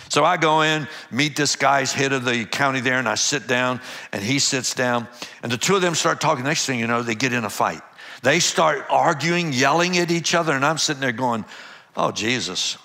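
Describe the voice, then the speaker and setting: An older man, a pastor, telling a lively personal story and acting out the dialogue with laughs. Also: mid-range voice. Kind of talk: storytelling testimony.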